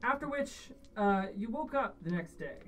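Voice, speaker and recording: A woman's voice: medium pitch, expressive, moderate pace, distant mic, low-quality recording. A woman narrating as game master of a streamed tabletop game, loose and rambling with fillers and restarts.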